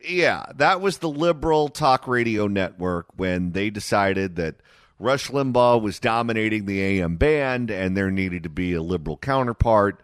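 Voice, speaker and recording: A man hosting a talk radio show, speaking in a sarcastic, animated way. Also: lowish voice, moderate pace, clear, resonant tone, no echo, clean studio sound.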